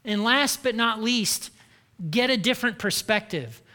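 A man's voice: very high voice, animated, measured pace, pushed and bright. A man from Indiana preaching a sermon in a conversational style, often checking in with "okay?" and "right?". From Indiana, United States. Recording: long hall reverb.

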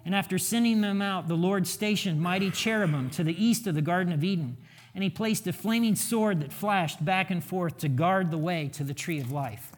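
A man's voice: high voice, moderate pace. A middle-aged man, a pastor and father, preaching a conversational sermon full of rhetorical questions.

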